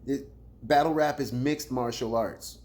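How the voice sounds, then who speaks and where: A man hosting a loose, slangy battle rap commentary. His voice sits at a middle pitch and swings between loud teasing callouts and quiet, dropped asides. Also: unhurried. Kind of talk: casual commentary.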